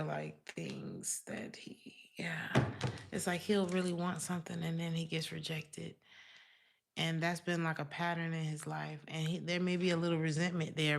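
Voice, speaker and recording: A woman's voice: lowish voice, vocal fry, slight background noise. A woman giving a live-streamed tarot reading in a casual, chatty way, calling the viewer honey. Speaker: tarot reader.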